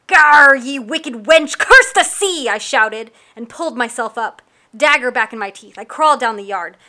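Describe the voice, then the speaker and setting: A woman narrates a first-person storybook adventure with lively, wry delivery. Her voice sits a little high and sounds bright and crisp-edged. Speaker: audiobook narrator.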